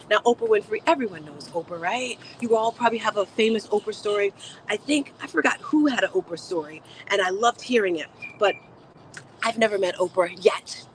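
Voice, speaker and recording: A woman's slightly high voice comes through a poor recording with a little background noise. Hosting an upbeat motivational live stream, she chats away and talks straight to her audience.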